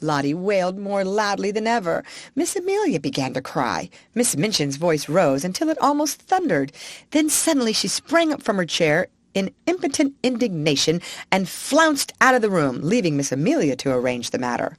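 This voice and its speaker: A woman narrating a classic children's storybook in an expressive, animated reading. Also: on the low side, moderate pace, no room sound. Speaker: audiobook narrator.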